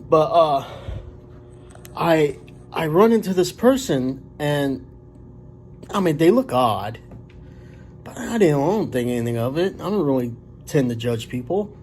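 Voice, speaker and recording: A man's voice: fairly high pitch, lively intonation, a little mellow. Rambling forty-year-old man telling stories. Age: 40s. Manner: rambling, halting, many fillers and restarts. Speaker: vlogger. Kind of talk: casual storytelling to camera.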